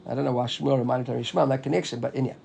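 A man's voice: mid-range voice, rapid-fire, gravelly, husky. A man teaching a Talmud class, explaining step by step and checking in with "right?". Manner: animated, explaining with frequent "right?".

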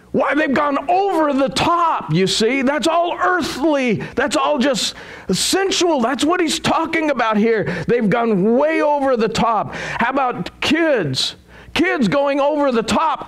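A man preaching a sermon as a pastor, animated and acting out quoted asides. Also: very high voice, unhurried.

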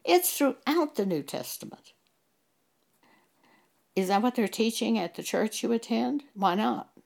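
A woman's voice: a little high, animated, measured pace, creaky, darkish tone. A woman preaching in a monologue, citing scripture with emphasis and pressing rhetorical questions. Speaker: Bible teacher.

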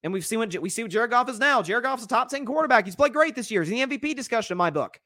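A man hosting a casual solo sports podcast, talking in an animated, rambling way with many restarts. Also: very high-pitched, racing, no echo, studio quality. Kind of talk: casual solo sports commentary reading live comments.

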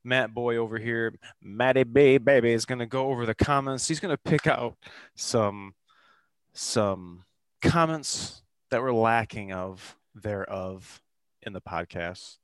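A man's voice: mid-range voice, a little slow, clean tone, dry recording. A man hosting a podcast, chatting loosely and off the cuff. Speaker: podcast host. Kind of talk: casual podcast chat.

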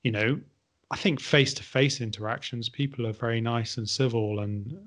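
A man's voice: medium pitch, fairly even intonation, normal speed, fairly bright tone. A man from England, a guest on a podcast, chatting in an upbeat but hesitant way and often repeating his words. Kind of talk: casual conversation.

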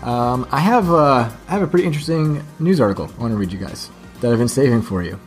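A man's voice: medium pitch, expressive, quick pace, soft background music. A man hosting a casual podcast chat, rambling and restarting as he explains a news story to his co-hosts. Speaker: podcast host.

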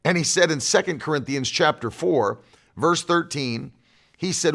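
A man's voice: fairly high pitch, animated, moderate pace, gravelly, a bit bright. A male pastor preaching a fiery sermon to an online audience, hammering home his points by repeating them. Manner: emphatic, repeats key phrases.

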